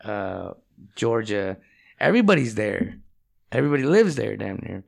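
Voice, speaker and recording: A man's voice: fairly low pitch, very animated, moderate pace, vocal fry. A man co-hosting a podcast, chatting and telling stories in a laid-back, slangy way and laughing often. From Central California. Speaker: podcast host. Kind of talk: casual chat.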